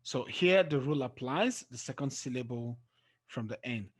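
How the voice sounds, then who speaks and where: A man's voice: medium pitch, lively intonation. A man teaching English pronunciation for an exam, counting syllables aloud and checking in with "okay?" as he goes. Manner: drawls example words slowly and trails off at phrase ends. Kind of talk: exam-prep pronunciation lesson.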